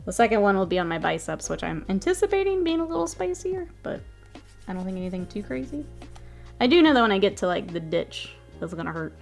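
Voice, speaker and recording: A woman streamer chatting casually with her live chat while she works, often murmuring softly, laughing easily, with a stuffy nose. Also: mid-range voice, sing-song, fast talker, creaky, soft background music.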